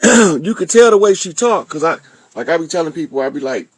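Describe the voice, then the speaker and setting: A man with a Southern US accent talks casually and bluntly, full of slang and cursing. His voice sits a little high for a man and sounds dry and close. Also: sing-song, brisk, breathy edge, dry recording. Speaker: host. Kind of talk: commentary on a played clip.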